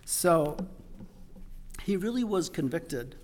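Preacher, male, slightly high voice, unhurried delivery, conversational with sudden emphatic peaks. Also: big pitch swings, darkish tone. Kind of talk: sermon. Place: church sanctuary. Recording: long reverb of a church hall.

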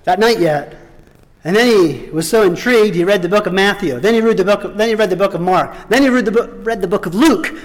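Male preacher, middle-aged, high voice, storytelling sermon, echo of a large hall. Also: a little fast. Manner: storytelling with rising emphatic peaks and soft asides. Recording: long hall reverb.

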